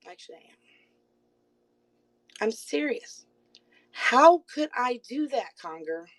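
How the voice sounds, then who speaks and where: Woman streamer, a little high, on a phone mic; confrontational rant delivered in quick bursts, keeps saying she isn't angry. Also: rough recording. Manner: confrontational, repeated pointed rhetorical questions; rapid bursts, insists she is calm. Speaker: live streamer. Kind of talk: livestream call-out rant.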